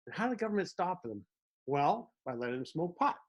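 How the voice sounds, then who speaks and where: A man's voice: a little high, big pitch swings, fairly quick, a bit bright. A man hosting a comedic monologue, telling wry stories with little mock dialogues. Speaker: host.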